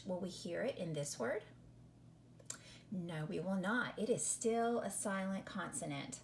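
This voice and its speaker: A woman teaching a phonics lesson to children, patient and questioning, sounding out each word slowly. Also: mid-range voice, slight background noise.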